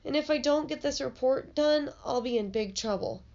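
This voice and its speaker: A woman's voice: sits high, normal speed, darkish tone, pitched above the performer's own voice. A woman voicing an earnest young boy who keeps apologizing, read aloud from a storybook in a slightly muffled recording. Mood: apologetic. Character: boy worried about an unfinished school report.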